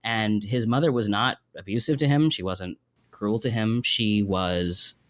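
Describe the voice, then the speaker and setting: A man, a podcast guest, talking in a casual, animated, emotional way about a story. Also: on the low side, measured pace. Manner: animated, emotional retelling with acted quotes.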